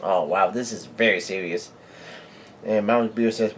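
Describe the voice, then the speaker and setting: A man hosting his own channel, reading a comic chapter aloud live and reacting as he goes, with halting delivery full of fillers and restarts. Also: on the low side, fairly even intonation, fairly bright tone, slight background noise.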